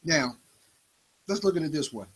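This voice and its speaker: Husky guy giving a preachy spoken-word talk, hits you with questions. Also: a little high, lively intonation, moderate pace, a bit bright, rough recording. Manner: preachy, confrontational, rhetorical questions. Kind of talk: spoken-word motivational monologue.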